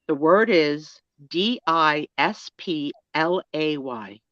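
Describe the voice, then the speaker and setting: A woman hosting a live sale show, chatting on a video call in a playful, animated way, teasing her guests and acting out their lines. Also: deep voice, slow pace, dry recording. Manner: animated, playful roasting, acts out what others say. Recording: dull lo-fi call audio.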